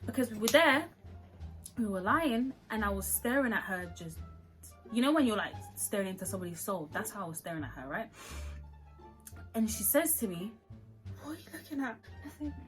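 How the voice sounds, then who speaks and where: A young woman telling a funny story to camera, animated and laughing often, acting out the voices. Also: mid-range voice, a little fast, long pauses, faint music behind, low-quality recording.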